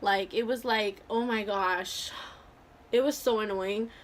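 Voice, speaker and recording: A young adult woman casually telling a storytime vlog, animated and full of "like" and acted-out quotes. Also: mid-range voice, slow pace. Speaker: vlogger.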